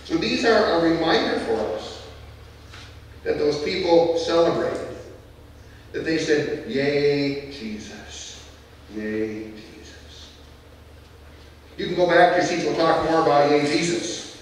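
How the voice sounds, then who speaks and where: Playful pastor in an echoey church. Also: male voice, fairly high pitch, moderate pace, slight background noise. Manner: playful, animated, leads call and response. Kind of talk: children's sermon and sermon. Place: large church sanctuary. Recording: echoey church hall from far off.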